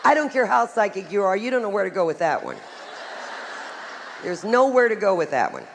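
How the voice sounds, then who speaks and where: Gravelly, wry middle-aged woman lecturing. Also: mid-range voice, very animated, brisk, a little hiss or hum. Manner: wry, frank storytelling with humor. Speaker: psychic giving a lecture. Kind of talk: live talk to a group.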